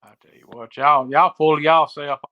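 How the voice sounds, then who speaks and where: A man's voice: a little high, steady tone, normal speed, highs cut off. A man, a wrestling announcer guest, answering back in defensive country banter. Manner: defensive, plain country talk. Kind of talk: casual show banter.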